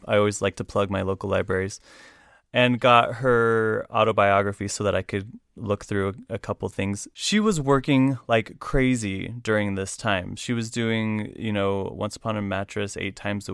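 Smooth low-voiced man telling stories. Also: normal speed, dry recording, clean studio sound. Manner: animated storyteller who reads aloud from a book. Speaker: podcast host. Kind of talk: casual conversational storytelling.

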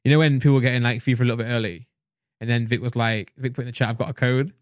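A man co-hosting a podcast, telling stories in a loose, rambling way and laughing often. He sits at a middle pitch and now and then slips into silly voices. He is recorded close and dry, with no room echo. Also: fairly even intonation, racing. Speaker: podcast co-host. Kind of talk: casual chat.

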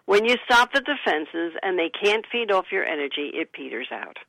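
A woman guest on a radio talk show, speaking in an earnest, gentle and instructive way as she gives spiritual advice. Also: on the low side, very animated, moderate pace, creaky, dry recording, low-quality recording. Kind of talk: radio interview, advice-giving.

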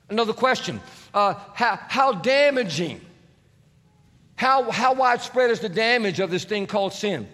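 A man's voice: sits high, brisk, fairly bright tone. Guy pastor preaching, kinda chatty, voice echoing around a big church hall. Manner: conversational preaching, leading the congregation in prayer. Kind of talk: sermon. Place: large church sanctuary.

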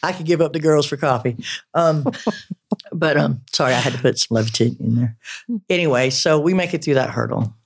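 A man's voice: medium pitch, creaky. Rambling, candid male storyteller. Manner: rambling, halting, with many fillers; candid and self-mocking. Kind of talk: personal storytelling.

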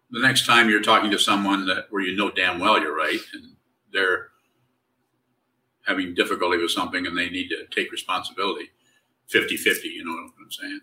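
A man with a lowish, bright voice answers students' questions like a meditation teacher. He talks loosely and conversationally, teasing now and then. The mic sits some way off. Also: far from the mic, slight background noise, poor audio. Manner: relaxed, conversational, wry and teasing. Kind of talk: spiritual Q&A teaching.

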